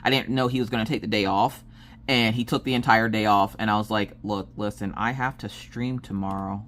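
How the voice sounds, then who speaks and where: A woman's voice: a bass voice, steady tone, a little fast, fairly bright tone. Chatty woman telling a rambling story. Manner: rambling storyteller who acts out quoted dialogue. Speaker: crafting vlogger and streamer. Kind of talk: casual chat while crafting.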